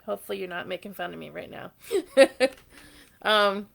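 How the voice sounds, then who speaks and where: A middle-aged woman with a slightly hoarse voice, hosting a live jewelry sale, chatting casually and reading viewer comments. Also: mid-range voice, normal speed. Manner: chatty and sentimental, reads viewer comments aloud. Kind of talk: casual live-stream chat.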